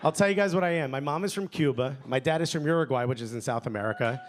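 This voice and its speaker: A man's voice: medium pitch, fast talker. A man doing a stand-up set on a club stage into a handheld mic. He talks in a chatty way, tags his lines with "you know?" and "okay?", and laughs along at his own jokes. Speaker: stand-up comedian. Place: comedy club stage before a live audience. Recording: live club recording, audience laughter and noise.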